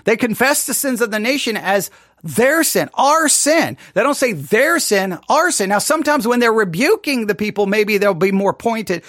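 Man host, conversational and questioning, lively pitch, dry close mic. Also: moderate pace, no room sound. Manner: musing, questioning, with restarts. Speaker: study host. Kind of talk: conversational Bible study commentary.

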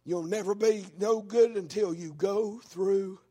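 A man preaching a fiery sermon in church, telling a story with a preaching cadence that rises into shouts. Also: high voice, husky. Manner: preaching cadence, rising into shouts, drawn-out words.

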